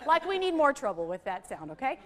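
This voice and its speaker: A middle-aged woman running a literacy workshop for teachers, leading the group through letter sounds in a lively way. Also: sits high, a little fast, a faint crowd. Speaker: literacy trainer.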